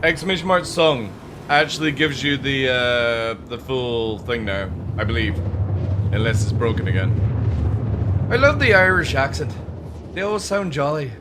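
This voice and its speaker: A man's voice: mid-range voice, animated, normal speed, background noise. A man streaming a game, chatting casually with his viewers, joking and swearing freely. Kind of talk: casual live-stream chat.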